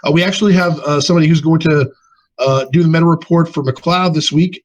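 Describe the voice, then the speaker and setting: A man hosting a casual live gaming show, often halting and restarting his words. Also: fairly high pitch, fairly even intonation, low-quality recording.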